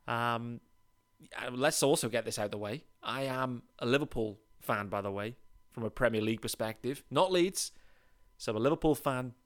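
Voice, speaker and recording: A man's voice: medium pitch, normal speed, clean tone. A man from England with a British accent, hosting a solo sports podcast in an upbeat, chatty way with emphatic bursts. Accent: British English. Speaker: podcast host.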